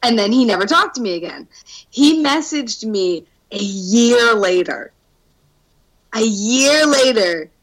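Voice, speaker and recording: Animated, laughing young woman telling a story. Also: on the high side, takes it slowly, low-quality recording. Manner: animated, swears a lot, laughs through her words. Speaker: podcast co-host telling a dating story. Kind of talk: casual chat.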